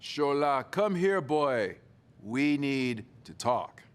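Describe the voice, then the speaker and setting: A man voicing a stern, commanding older African father, speaking in slow, drawn-out commands. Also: medium pitch, big pitch swings, clear, resonant tone, voice pushed up.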